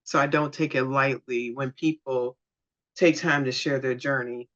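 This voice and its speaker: A woman's voice: extremely low pitch, steady tone, normal speed. Woman host on a dull lo-fi recording. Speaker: podcast host. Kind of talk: interview conversation. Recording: dull lo-fi sound.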